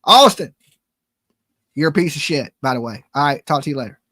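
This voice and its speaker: A man's voice: mid-range voice, very fast, noisy background. A man hosting a livestream in casual joking chat, loose and rambling, swearing freely as he banters. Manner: loose, rambling and profane, jokey phone-prank banter. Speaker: streamer host.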